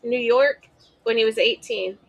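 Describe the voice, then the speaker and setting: Chatty woman, slightly high voice. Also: unhurried. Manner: easygoing, fact-checking, chatty with fillers. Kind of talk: casual chat.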